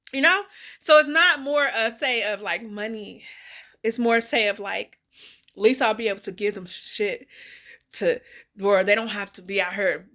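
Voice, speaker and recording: A woman's voice: medium pitch, bright, forceful tone. A woman in a candid, emotional personal vlog, tearful and rambling with many fillers, speaking. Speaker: vlogger.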